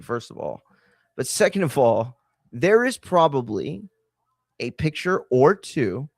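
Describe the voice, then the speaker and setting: A man hosting a wrestling live stream, ranting in a heated, profane way and swinging between loud outbursts and low muttering. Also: no echo, clean studio sound. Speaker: livestream host.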